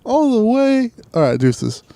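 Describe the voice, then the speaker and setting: Profane young man telling animated stories. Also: extremely high pitch, unhurried, vocal fry, no echo. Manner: profane, animated storytelling with acted-out quotes. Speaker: podcast co-host. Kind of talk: casual chat.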